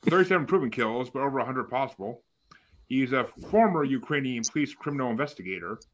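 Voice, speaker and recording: A man's voice: mid-range voice, lively intonation, fast, rough recording. A man hosting a casual group podcast, reading out facts and asking each co-host for a vote. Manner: reads out facts, then polls each co-host.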